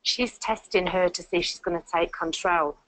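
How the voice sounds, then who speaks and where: A woman's voice: lowish voice, moderate pace, fairly bright tone, low-quality recording. A woman narrating and commenting on a reality show in a plain, emphatic way.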